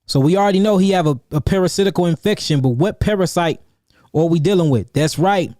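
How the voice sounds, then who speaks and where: A man hosting a livestreamed Q&A about herbal healing, animated and repetitive, calling out names from the chat and hammering his points home. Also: sits high, quick pace, no room sound, studio quality. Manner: animated, calls out chat names and repeats himself for emphasis. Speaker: herbalist host answering viewer questions. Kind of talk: livestream Q&A, casual and preachy.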